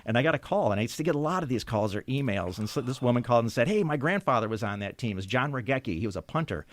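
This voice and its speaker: A man from Michigan spins a long anecdote at a rapid clip, his delivery lively and full of quoted voices. The sound is close and dry, with no room around it. He laughs easily as he goes. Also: medium pitch, no room sound. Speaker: guest filmmaker. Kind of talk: animated storytelling in conversation.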